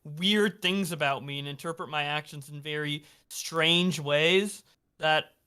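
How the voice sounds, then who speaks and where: A man's voice: a little high, fairly even intonation, a little slow, sharp tone, clean tone. A man chatting as a guest, rambling and over-explaining himself with fillers. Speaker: podcast guest. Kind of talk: casual commentary chat.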